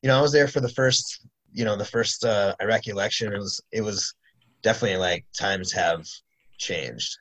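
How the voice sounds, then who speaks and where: A man hosting a casual interview, speaking in a relaxed, hesitant way. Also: fairly low pitch, normal speed, low-quality recording. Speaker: podcast host.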